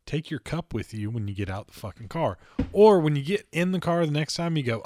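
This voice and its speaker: A man's voice: mid-range voice, expressive, fairly quick, a little mellow, no echo. Blunt, crude man on a podcast. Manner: crude, blunt, swears often. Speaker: podcast co-host. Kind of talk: casual podcast banter.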